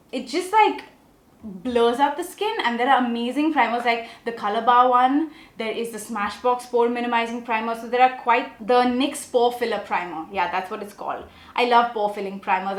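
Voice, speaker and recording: A young woman vlogging in a chatty, animated way, giving a makeup tutorial and telling stories. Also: a little high, roomy sound. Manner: chatty, animated, often asks okay?. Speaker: beauty vlogger. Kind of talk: casual makeup tutorial and storytelling.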